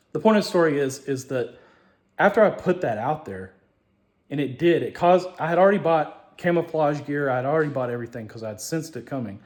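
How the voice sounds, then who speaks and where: A man telling a long personal story in a rambling, profane way, restarting and repeating himself, dropping to mutters and rising to loud outbursts. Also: fairly high pitch, lively intonation, moderate pace. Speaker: show host.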